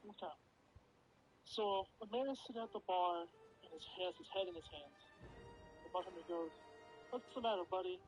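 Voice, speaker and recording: A man's voice: high voice, normal speed, long pauses, dull audio, faint music behind. A man in game voice chat telling a joke as a storyteller.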